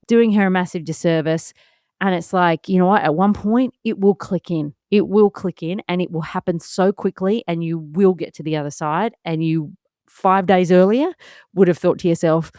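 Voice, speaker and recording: A woman's voice: fairly low pitch, a little mellow, no room sound, studio quality. A woman, hosting a solo parenting podcast in a candid, chatty way and laughing often. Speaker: podcast host.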